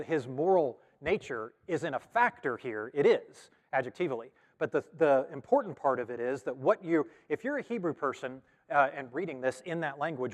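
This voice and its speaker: A man, a pastor, teaching a Bible study in a loose, conversational way, full of ums and self-corrections. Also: a little high. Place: church hall. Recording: long reverb of a large hall.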